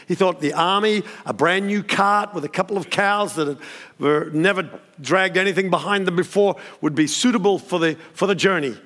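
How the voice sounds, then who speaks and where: A man preaching a storytelling sermon, animated and acting out the characters with sudden high exclamations. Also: a little fast. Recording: long hall reverb.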